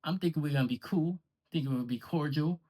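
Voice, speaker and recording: A man's voice: a little high, fairly quick, dark tone. A man delivering a confrontational, sarcastic and profane callout rant to the camera about a league he runs. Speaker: online league owner.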